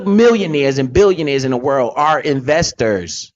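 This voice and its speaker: A man's voice: fairly high pitch, very animated, normal speed, few pauses, lo-fi sound. A man hosting a casual, profane talk about investing, blunt and emphatic with lots of slang. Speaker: podcast host.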